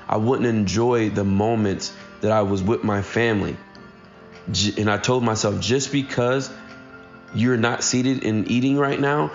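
A man with a rough, gravelly voice gives an earnest motivational talk, speaking right to his listeners. Soft music plays underneath. The recording sounds slightly dull and muffled. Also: lowish voice. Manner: earnest, addresses listeners directly.

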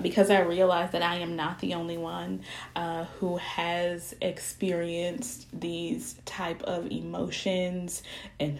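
A woman in her thirties speaks openly and warmly to her audience, unhurried and relaxed. Her voice sits a little low, and she drifts into chatty asides and soft laughs. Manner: transparent, chatty, laughs, says "y'all" and "honey". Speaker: vlogger. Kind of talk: candid personal talk to viewers.

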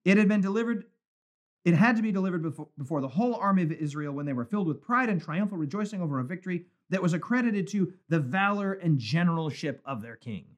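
Animated, high-voiced male pastor teaching. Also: quick pace. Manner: animated, conversational, emphatic repetition. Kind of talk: Bible study teaching. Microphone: phone or webcam for a live stream.

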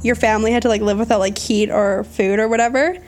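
Young woman retelling a book plot, chatty, lots of likes, kinda high voice. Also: quick pace, a little hiss or hum. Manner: animated storytelling with many likes. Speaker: book recapper. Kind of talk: casual chat.

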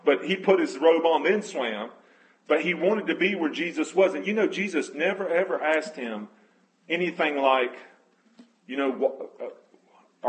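A man's voice: a little high, unhurried, rough recording. A man preaching a conversational sermon, telling scripture stories earnestly and correcting himself as he goes. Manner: emotional, moved near tears.

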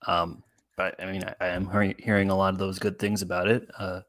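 A man's voice: deep voice, level tone, quick pace, a bit bright, dry recording, clean studio sound. A man on a casual sports talk panel, speaking hesitantly with repeated words and many ums. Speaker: co-host panelist.

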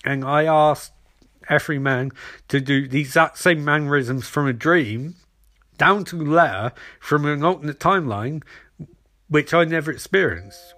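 A man's voice: a little high, normal speed, bright, forceful tone. A man voicing a smug, scheming male villain who talks in a dismissive, gloating way.

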